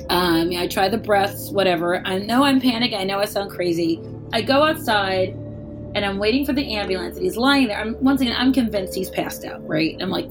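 A woman telling a personal story in casual speech, candid and wry, swearing and acting out what people said. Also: mid-range voice.

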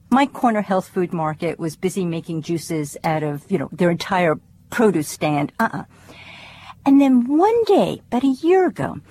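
A cookbook author who is a guest on a radio show, telling a story and explaining kitchen gadgets in an animated way. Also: female voice, medium pitch, slightly rough. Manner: animated storyteller, laughs often. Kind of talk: conversational explanation.

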